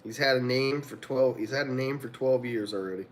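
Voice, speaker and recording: A man's voice: mid-range voice, fairly quick, a little hiss or hum. Rambling, laughing livestream host man. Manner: rambling, profane, laughs often. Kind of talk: casual chat. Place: home room.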